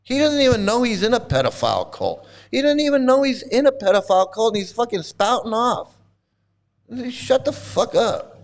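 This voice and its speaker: A man's voice: very high voice, very animated, normal speed, vocal fry. A middle-aged man ranting angrily at a video he is reacting to, abrasive and mocking, swearing constantly. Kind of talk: angry profane rant.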